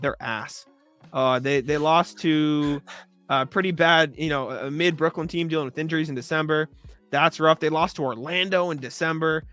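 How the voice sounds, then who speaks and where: A man's voice: fairly high pitch, pushed and bright. A young man co-hosting a live sports talk show, ranting in a sarcastic, exasperated way and swearing. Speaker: podcast co-host.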